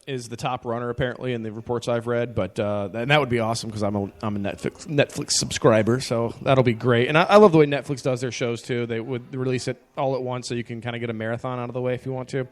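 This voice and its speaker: A man's voice: medium pitch, fairly even intonation, fast talker, hardly any pauses. A man chatting casually on a podcast, his talk rambling and full of ums and uhs. He sounds keen and upbeat about the topic, in a mid-range everyday voice. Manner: rambling, filler-heavy, enthusiastic. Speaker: podcast co-host. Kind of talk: casual chat.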